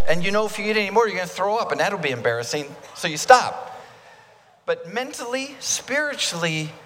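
A pastor with a high-pitched, slightly bright voice preaches a sermon conversationally, putting questions to the congregation. A little hiss or hum is audible, and a long hall reverb surrounds the recording.

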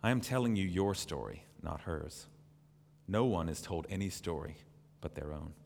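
A man voicing a great, deep-voiced lion who speaks gravely and gently. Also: slight background noise. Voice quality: deep and slow, solemn. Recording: long reverb in a large hall.

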